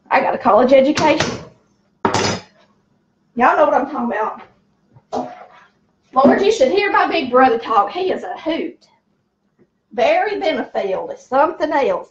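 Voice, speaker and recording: A woman's voice: high voice, dull audio. A middle-aged woman with a Southern American accent, chatting folksily as she cooks in her home kitchen. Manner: folksy, chatty, talks to viewers as y'all. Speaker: cooking show host. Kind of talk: casual cooking chat.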